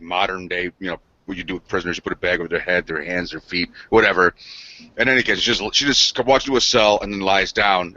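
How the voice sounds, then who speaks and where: Man co-host, casual and profane, bright tense tone, slightly low pitch, dry muffled recording. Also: no room sound. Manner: rambling, profane, laughing storyteller. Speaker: podcast co-host. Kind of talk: casual chat. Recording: dull lo-fi sound.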